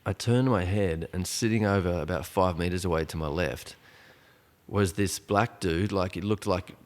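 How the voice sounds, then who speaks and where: Podcast guest, male, around 40, deep voice, loose storyteller who keeps restarting. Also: normal speed. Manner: rambling, full of restarts and "like". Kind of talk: casual storytelling conversation.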